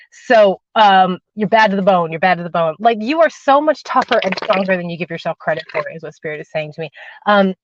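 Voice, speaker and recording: A woman hosting a spiritual livestream and reading tarot, talking casually and warmly to viewers, repeating phrases for emphasis. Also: on the low side, slight background noise. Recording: dull, lo-fi, dry livestream audio.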